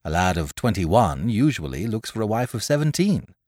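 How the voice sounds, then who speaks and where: A man voicing a naive young gentleman of twenty-one, formal, precise and stiffly polite. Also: lowish voice, sing-song, moderate pace, no echo, studio quality, pitched below the performer's own voice. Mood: earnest.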